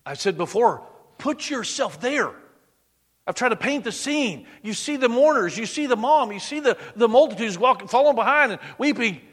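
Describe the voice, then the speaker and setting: A male preacher delivers a dramatic sermon, his voice sitting high. He sinks to a hush for quoted words. A long reverb from a large hall trails every phrase. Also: expressive, moderate pace, breathy edge.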